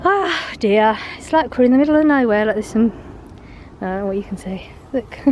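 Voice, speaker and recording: A woman's voice: fairly high pitch, expressive, normal speed, a little mellow, lo-fi sound, a little hiss or hum. Chatty woman walking her dogs outdoors. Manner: chatty, rambling, laughs often. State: slightly out of breath from walking. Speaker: vlogger. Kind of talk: rambling chatty vlog on a dog walk. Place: outdoors on a walk.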